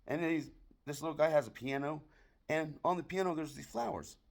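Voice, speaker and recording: A man's voice: fairly high pitch, a little fast, gravelly. Een Amerikaanse man vertelt grove, schunnige moppen in een komisch verhaal vol gevloek, met een droge, nuchtere toon. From United States. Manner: profane, deadpan delivery of dirty jokes. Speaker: barroom joke teller. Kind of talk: crude comedic storytelling monologue.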